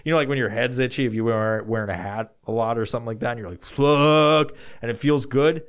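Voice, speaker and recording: Young male podcast host, solo, casual and foul-mouthed, meandering answers, bursts of loud shouting. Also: medium pitch, quick pace. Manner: profane, rambling, jumps into loud acted-out shouts.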